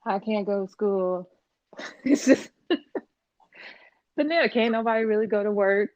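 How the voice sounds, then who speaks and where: A woman's voice: medium pitch, slow pace, a little mellow, no room sound. A woman co-hosting a casual podcast chat, blunt and exasperated, swearing freely. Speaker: podcast co-host. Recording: slightly dull lo-fi sound.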